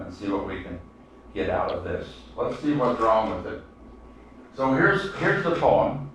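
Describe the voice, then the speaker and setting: A man gives a slow, unhurried classroom lecture, stopping often on fillers and false starts. He is picked up from a distance in a very echoey room, with a faint hum of ambience behind him. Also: mid-range voice, fairly bright tone. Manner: halting, with many fillers and restarts. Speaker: seminar teacher. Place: seminar room. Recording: echoey room, mic far off.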